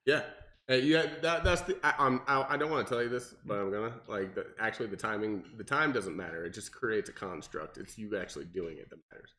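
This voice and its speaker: A man, a personal trainer co-hosting a podcast, talking casually and animatedly with lots of fillers and restarts. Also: fairly quick. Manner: animated, mimics people in exaggerated high voices, many fillers and restarts.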